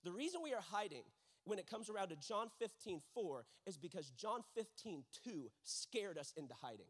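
A man's voice: high-pitched, big pitch swings, normal speed, slightly rough. A young man preaching a sermon as pastor, telling stories and acting out quotes with emphatic repetition.

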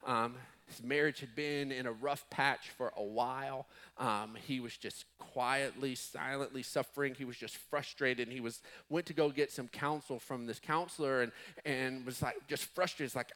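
A man's voice: mid-range voice, steady tone, normal speed, fairly bright tone. A man preaching a sermon as pastor, emphatic, stretching key words and restarting phrases.

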